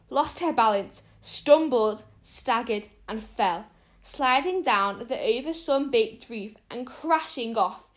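A woman reading a classic storybook aloud with expression, often tripping on words and restarting. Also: on the high side. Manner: expressive reading with frequent small stumbles and restarts. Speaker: narrator.

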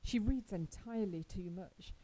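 A woman's voice: medium pitch, normal speed, dark tone, a little hiss or hum, close to an everyday voice, low-quality recording. A woman voicing a strict, proper middle-aged mother who is cordial but firm.

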